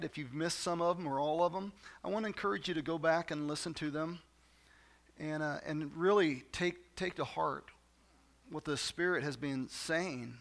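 A man delivers a sermon to his church, his voice sitting high and bright. He talks in a loose, conversational way, repeating key phrases and dropping asides to the congregation. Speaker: pastor.

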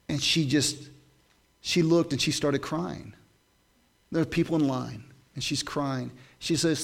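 Male pastor, sermon delivery, slightly raised pitch with a gravelly edge, talks casually and reads scripture emphatically. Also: steady tone, measured pace. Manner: conversational preaching, rising to emphatic scripture reading.

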